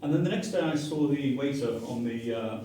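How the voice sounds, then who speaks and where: A man's voice: medium pitch, a little fast, a little hiss or hum. A middle-aged English man with a Manchester accent, giving a humorous storytelling talk to an audience and acting out the voices he quotes. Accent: Mancunian English. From Manchester, England. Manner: animated, self-mocking, acts out quoted voices. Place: restaurant dining room with an audience. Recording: echoey room from far off.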